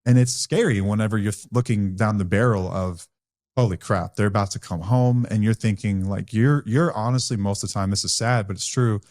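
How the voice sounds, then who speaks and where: A man with a fairly low voice talks in a blunt, earnest, candid way as a podcast co-host. The sound is dry and close, with no room echo. He speaks plainly and with conviction. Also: brisk, a little mellow. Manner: blunt, earnest, speaks from his own recovery. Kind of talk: candid conversational podcast talk.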